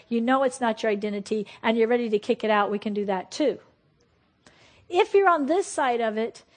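Husky-voiced woman preaching. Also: fairly high pitch. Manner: lively and conversational, laughs often. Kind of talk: sermon on deliverance.

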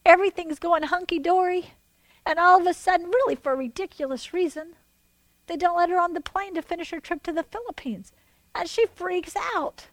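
Woman, preacher, high voice, dry close sound, animated sermon, shifts loud to hushed. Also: a little fast, no echo, rough recording. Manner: animated, voices God and others in quoted asides, swings between loud and hushed.

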